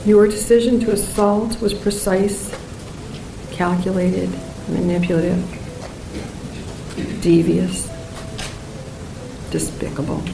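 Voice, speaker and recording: A woman judge passing sentence in a courtroom with firm, deliberate words. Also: lowish voice, level tone, gravelly. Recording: echoey courtroom audio, far from mic. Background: music.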